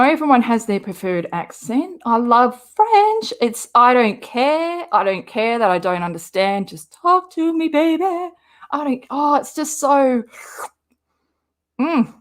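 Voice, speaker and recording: An Australian woman hosting a livestream, chatting casually and rambling as she answers viewers' comments. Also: a little high. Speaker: livestream host. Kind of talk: casual chat with live viewers.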